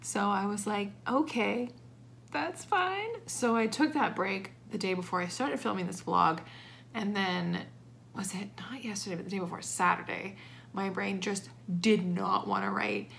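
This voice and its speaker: A woman's voice: mid-range voice, moderate pace, gravelly, a bit bright, a little hiss or hum. A young woman talking casually in a writing vlog, rambling with lots of fillers. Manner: chatty, rambling with many fillers. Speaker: vlogger.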